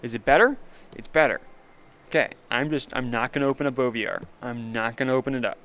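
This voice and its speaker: A man's voice: medium pitch, fast talker, fairly bright tone. A young man streaming a video game, rambling casually, laughing often and mocking himself. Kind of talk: casual gaming commentary.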